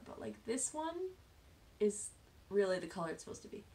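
A woman's voice: medium pitch, lively intonation, normal speed, a little hiss or hum. Chatty woman hosting a knitting show. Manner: chatty, self-deprecating, drops to soft asides. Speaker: knitting podcast host. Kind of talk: casual show-and-tell chat.

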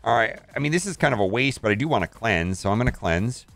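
A man talks his way through a mobile game in loose, rambling commentary, often restarting mid-sentence as he thinks aloud. His pitch swings widely up and down. Soft game music plays quietly behind him. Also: expressive, quick pace, gravelly. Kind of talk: casual gameplay commentary.

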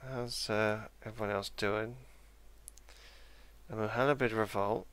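A man's voice: on the low side, fairly even intonation, takes it slowly, fairly bright tone. A man musing aloud while playing a strategy game, correcting himself and adding dry asides. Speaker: let's play gamer. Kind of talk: casual game commentary.

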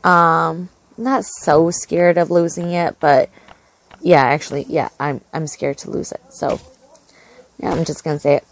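Young woman, casual game commentary, slow unhurried talk, excitable outbursts, easily distracted, lots of fillers. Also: sits low, vocal fry. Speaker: gaming channel host.

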